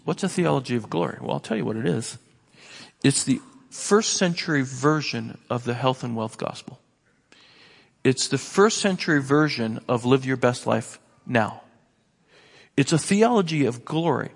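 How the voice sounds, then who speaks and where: A pastor preaching a sermon with an animated, sarcastic delivery, often repeating words as he builds his points. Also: mid-range voice, creaky, breathy edge, big-room sound.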